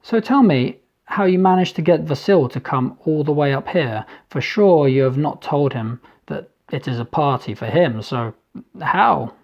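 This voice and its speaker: A booming, good-humoured Ukrainian diplomat, as a male narrator puts him on, thick Ukrainian accent, talking with hearty laughter behind the words. The voice sits a little higher than plain narration. The recording is slightly dull and lo-fi. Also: animated, unhurried, a little mellow. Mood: jovial. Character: boisterous Ukrainian embassy man, jovial.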